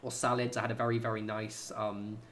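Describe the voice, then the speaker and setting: A man's voice: fairly low pitch, little pitch movement, brisk, a bit bright, slight background noise. A man chatting casually on a gaming livestream at home, rambling and swearing freely. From United Kingdom. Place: home apartment.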